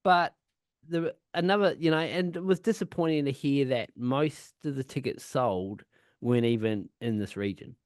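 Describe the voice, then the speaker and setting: Male podcast co-host, casual rambling storyteller, heavy swearing, mid-pitched, dry close sound. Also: normal speed, darkish tone, clean tone, no room sound. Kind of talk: casual chat.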